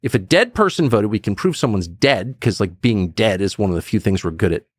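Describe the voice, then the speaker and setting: A middle-aged man talking as a podcast guest, blunt and animated, acting out quotes with sudden high bursts. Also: a little fast, no room sound, studio quality. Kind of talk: casual conversation.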